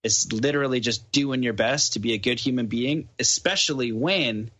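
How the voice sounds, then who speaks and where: Speaking at a moderate pace in a mid-range voice, a Canadian podcast guest relaxedly recounts a story, performing the dialogue in an animated way. The sound is dull, lo-fi podcast audio.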